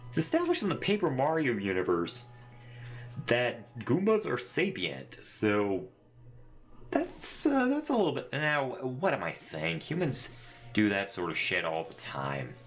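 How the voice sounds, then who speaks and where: A man's voice: mid-range voice, huge pitch swings, unhurried. A man giving sarcastic, profane, rambling commentary while playing a video game. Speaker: gaming channel host. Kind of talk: let's play commentary. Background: faint game music.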